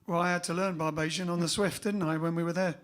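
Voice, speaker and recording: A man's voice: on the high side, flat delivery, quick pace. A man hosting a casual lockdown livestream as band leader, chatting playfully and joking between songs. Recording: band music clearly behind the voice.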